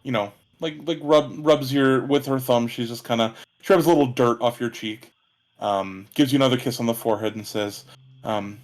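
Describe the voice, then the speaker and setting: A man narrating as game master, halting, with many ums and restarts. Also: medium pitch, darkish tone.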